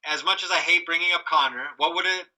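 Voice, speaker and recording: A man's voice: on the high side, fast talker, bright, forceful tone, rough recording. A man co-hosting a casual podcast, answering with dry, reasoned comebacks. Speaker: podcast co-host. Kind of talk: casual chat.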